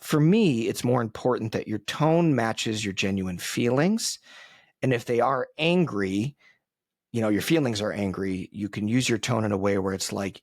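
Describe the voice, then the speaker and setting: A man with a somewhat low, husky voice talks through his podcast on his own, thinking aloud with plenty of ums and side remarks. The sound is dry and close, with no room around it. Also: lively intonation, moderate pace, no echo. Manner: conversational, frequent ums and asides, reflective. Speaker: podcast host. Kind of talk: solo podcast commentary.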